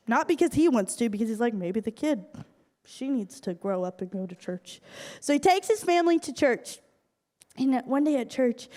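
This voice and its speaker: A woman's voice: fairly high pitch, darkish tone. A woman giving a sermon, telling a story earnestly and acting out the lines of the people in it. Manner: earnest, acts out quoted lines. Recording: long reverb of a large hall.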